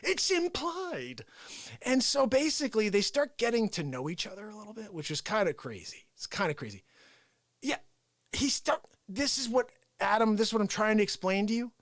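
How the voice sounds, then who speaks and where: A man hosting a live show, telling an animated story and acting out quotes, dropping into whispers and then shouting. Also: high-pitched, a little fast, no echo, studio quality. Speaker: host of a daily live variety show. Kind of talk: unscripted live-stream monologue. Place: small room with speaker and organ.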